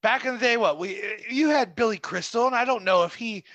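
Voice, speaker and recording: A man's voice: extremely high pitch, fairly quick, no echo, dull audio. A man co-hosting a podcast, chatting casually and joking around with lots of swearing. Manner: animated, jokey, profane. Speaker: podcast co-host.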